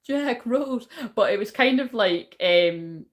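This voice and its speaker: A woman's voice: mid-range voice, lively intonation, slow. Rambling woman, swearing often. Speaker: spiritual reader and shaman. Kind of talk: casual spiritual reading monologue.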